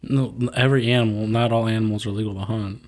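A man's voice: on the low side, steady tone, fast, a little mellow. A man in a casual podcast chat, making dry, teasing remarks.

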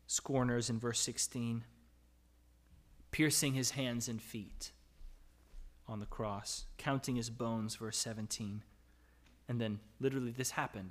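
A man preaching a sermon in a conversational way, reading scripture aloud and asking questions of his listeners. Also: medium pitch. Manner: reads scripture aloud, rising to emphatic cries. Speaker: pastor.

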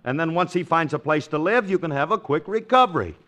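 A man playing a breezy, smooth-talking schemer in a 1940s radio comedy, brash and wheedling with his pal. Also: a little high, lively intonation, quick pace, fairly bright tone, muffled recording. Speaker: sitcom lead.

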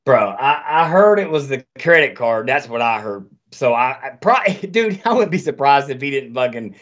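A man's voice: medium pitch, normal speed, highs cut off. A man hosting a podcast, ranting in casual chat with plenty of swearing. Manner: animated, profane ranting.

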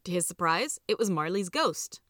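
A woman narrating a storybook tale in a measured, even way. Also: on the low side, no echo, clean studio sound. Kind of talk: storybook reading.

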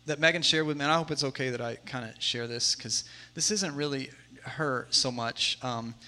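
A man in his thirties preaching a sermon in a conversational way, moving between hushed asides and emphatic stretches. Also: medium pitch, moderate pace. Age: 30s. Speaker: pastor.

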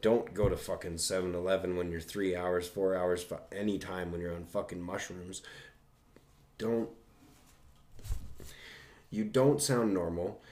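A man's voice: deep voice, fairly even intonation, measured pace, pauses often, a little mellow. A young man telling a casual, profanity-laced anecdote in a rambling way.

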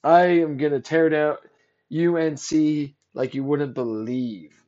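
A man hosting a solo sports podcast, ranting sarcastically and growing loud and heated. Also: a little high, steady tone, slow, muffled recording. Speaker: podcast host.

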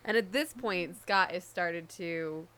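A woman's voice: fairly low pitch, slow pace, background noise. A woman co-hosting a podcast, chatting casually and giggling while recapping a TV episode and acting out the characters' lines. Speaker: podcast co-host.

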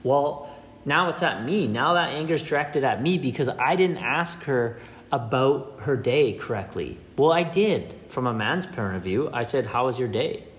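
A man's voice: mid-range voice, animated, a little slow. Rambling man in a casual monologue. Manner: rambling, repeats words, acts out little scenes.

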